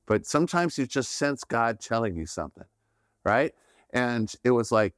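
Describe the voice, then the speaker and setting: A man's voice: medium pitch, expressive, moderate pace, no room sound, clean studio sound. Earnest man giving a faith talk. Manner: earnest, frequent "right?" check-ins. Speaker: podcast host. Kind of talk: conversational faith teaching.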